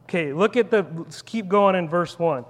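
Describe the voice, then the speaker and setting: A man's voice: sits high, normal speed, long reverb tail. A man preaching a sermon in a casual, conversational way, with rambling asides and frequent restarts. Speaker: pastor.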